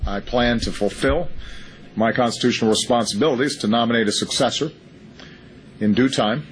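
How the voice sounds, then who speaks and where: A man delivering a formal, carefully measured public statement, heard as a clip played during a radio broadcast. His tone is even and deliberate. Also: mid-range voice, a little hiss or hum, rough recording.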